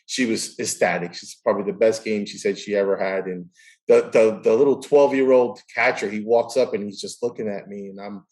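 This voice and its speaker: A middle-aged man, a guest in a casual chat, tells stories and acts out quoted dialogue in an animated way. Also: on the low side, fairly quick. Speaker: guest, baseball umpire.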